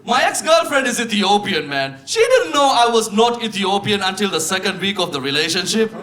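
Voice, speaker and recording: A young man with a Sri Lankan accent performing live stand-up comedy, telling animated stories and punching up the lines loudly. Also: sits high, a little fast, noisy background. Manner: animated storytelling, shifting into loud exclaiming punchlines. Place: comedy club stage with live audience. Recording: live show with crowd laughter. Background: audience laughing.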